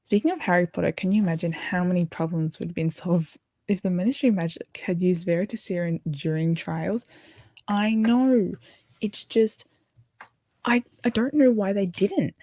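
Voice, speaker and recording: This livestream host is a weary young Australian woman rambling through an early-morning stream, replying to comments from viewers as she works on a build. She speaks at a normal pace in a mellow, lowish voice, with no room sound.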